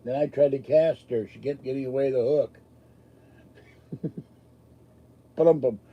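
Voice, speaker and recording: Husky man rambling with jokes. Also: medium pitch, unhurried, muffled recording. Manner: rambling, self-deprecating joker. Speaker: livestream host answering chat. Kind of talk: casual live chat.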